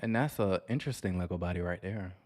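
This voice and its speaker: A man's voice: low voice, fast, darkish tone. Sassy man chatting reality TV gossip. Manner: sassy, chatty, calls viewers y'all and honey. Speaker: reality TV commentary host. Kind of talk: casual commentary vlog.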